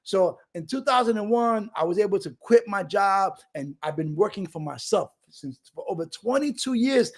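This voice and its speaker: A middle-aged man from Brooklyn shares his recovery testimony on a video call. His voice runs high and animated, streetwise and emphatic, and it rises and falls with feeling. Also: normal speed, few pauses. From Brooklyn, New York. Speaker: recovery speaker.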